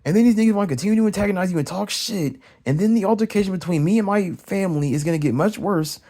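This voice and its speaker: A young man ranting heatedly in a casual vlog, swearing often and repeating himself as he vents. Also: quick pace. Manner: profane, heated, repetitive ranting; swings high and loud when mimicking others. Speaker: vlogger ranting. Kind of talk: casual rant.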